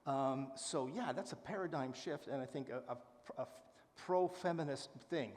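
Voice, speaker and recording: An enthusiastic man lecturing on stage and fielding questions from an audience. His mid-pitched voice carries a long reverb from the hall around him. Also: moderate pace. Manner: lively, enthusiastic, with fillers. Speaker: scholar giving a talk. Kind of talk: public lecture and Q&A.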